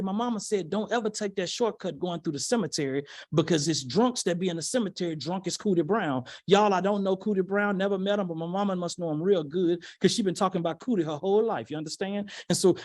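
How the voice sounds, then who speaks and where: A man telling a personal story as a motivational speaker in a virtual keynote, animated and calling out to his audience. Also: high-pitched. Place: virtual event from home.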